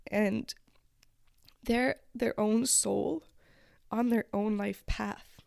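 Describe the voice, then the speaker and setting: A woman hosting a podcast, telling a personal story in a slow, reflective and emotional way, at times close to tears. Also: medium pitch, fairly even intonation, creaky, darkish tone, no echo. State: tearful. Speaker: podcast host.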